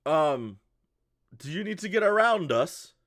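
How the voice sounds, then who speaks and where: A man's voice: fairly high pitch, sing-song, unhurried, a bit bright, no room sound, studio quality, voice pushed up, heavily acted. A man voicing a sleepy, apologetic bearded father in a caravan, polite and flustered.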